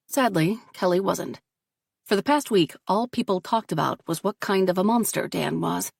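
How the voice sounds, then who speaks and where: A woman reading a story aloud in steady, measured audiobook narration. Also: on the low side, vocal fry, no room sound, clean studio sound.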